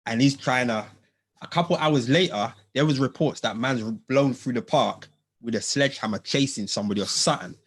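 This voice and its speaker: Husky, animated man telling a story. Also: medium pitch, brisk. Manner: animated, slangy, acts out quotes in lively voices. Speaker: podcast host. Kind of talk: casual storytelling chat.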